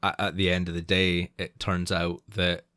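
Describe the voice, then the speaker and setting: A man co-hosting a casual podcast, rambling through his thoughts with many restarts and frequent laughter. His voice sits on the low side, and the recording is dry and close. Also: monotone, moderate pace, sharp tone, no echo. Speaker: podcast co-host. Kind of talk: casual chat.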